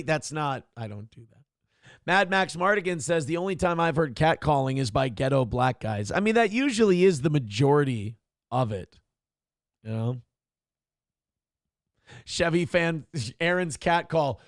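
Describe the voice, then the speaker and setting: A man hosting a morning show, reading viewer chat in a casual, sardonic way and cursing freely. His voice sits a little high and swings widely in pitch, jumping up into a sing-song for the lines he quotes. The sound is dry and close, with no room around it. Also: expressive, unhurried, pauses often, no echo. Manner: sardonic, mock-indignant, swears freely.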